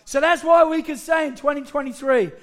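A middle-aged man preaching a sermon to his congregation, joking with them and shouting key points for emphasis. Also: extremely high pitch, a little fast, slight background noise. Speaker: pastor.

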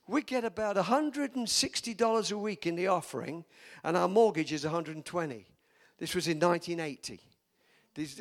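Animated older male preacher telling a story. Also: sits high. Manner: animated storyteller, acts out dialogue, rises to loud emphatic declarations. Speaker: pastor. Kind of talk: sermon storytelling.

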